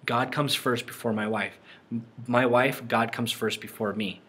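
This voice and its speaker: A man with a somewhat husky voice talks his way through film clips in loose Christian commentary. He rambles, repeats himself and slips into short impressions of the people he is describing. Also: medium pitch, moderate pace, a bit bright. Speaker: Christian documentary presenter.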